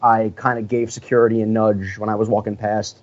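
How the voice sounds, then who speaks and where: A man's voice: fairly low pitch, level tone, brisk, no room sound. Rambling laughing man, lo-fi sound. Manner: rambling, laughing, lots of fillers. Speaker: sports mascot performer. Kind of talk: casual storytelling interview. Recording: dull lo-fi recording.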